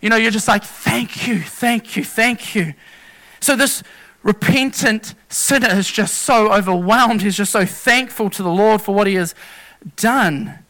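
An earnest male preacher with a high, bright, ringing voice. He talks through scripture in a plain, personal way, stumbling and restarting mid-phrase as he explains each point. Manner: earnest, halting with restarts and self-corrections. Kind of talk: sermon.

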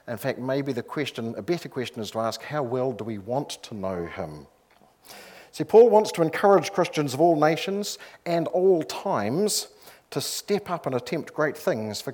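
A man's voice: mid-range voice, darkish tone. A man preaching a sermon in a conversational way, with storytelling asides and emphatic repetition.

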